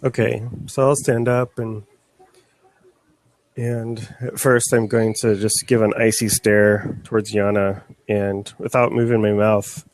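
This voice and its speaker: A man playing a tabletop role-playing game, deliberately describing his character's actions in the first person. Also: lowish voice, level tone, dry recording. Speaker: player.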